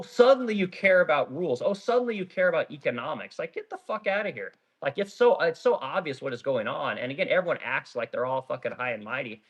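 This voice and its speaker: Reading viewer comments during a casual live stream, this middle-aged small-business owner from Oregon goes on a blunt, profanity-laced rant. He speaks at a medium pitch with a somewhat bright, breathy quality.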